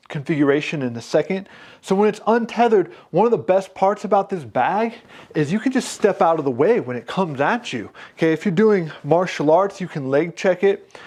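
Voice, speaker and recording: A man demonstrating a punching bag while training, energetic, calling out strikes, a little out of breath. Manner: energetic, punctuates moves with 'boom' and 'pop'. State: slightly out of breath. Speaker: fitness instructor. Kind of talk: product demo while training.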